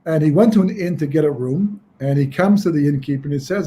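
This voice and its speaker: A man's voice: fairly high pitch, fast, mellow, slight background noise. A man, a rabbi, teaching a webinar lesson as a conversational story, speaking over a computer microphone. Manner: conversational, many fillers and restarts.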